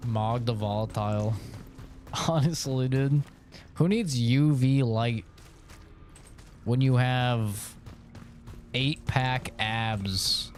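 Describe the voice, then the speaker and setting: A man's voice: medium pitch, drawn-out words, long pauses, faint music behind. A man streaming a video game, giving live commentary full of profane jokes and banter aimed at the characters on screen. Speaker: gaming streamer.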